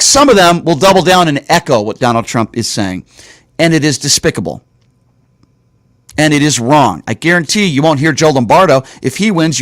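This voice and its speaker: A man's voice: a little high, no echo, studio quality. A man hosting a talk show, delivering political commentary in an indignant, ranting way and repeating points for emphasis.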